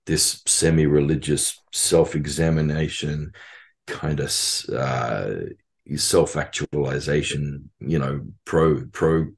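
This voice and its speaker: A man talking as a podcast guest in casual conversation. He jokes, laughs a lot and rambles with plenty of fillers. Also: very deep voice. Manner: joking, laughs often while talking.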